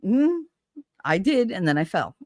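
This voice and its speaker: A woman's voice: medium pitch, sing-song, measured pace, a little mellow, dry recording, clean studio sound. Blunt, swearing woman hosting a livestream. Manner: blunt, swears freely, laughs often. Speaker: livestream host. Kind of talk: casual chat with live viewers.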